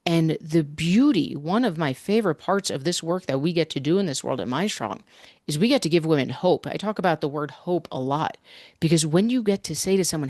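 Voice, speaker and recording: A woman's voice: low voice, animated, a little fast, a little mellow, no echo, clean studio sound. A middle-aged woman coach hosting a podcast, talking energetically and emphatically in a conversational monologue, often checking in with "right?". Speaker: fitness coach and podcast host.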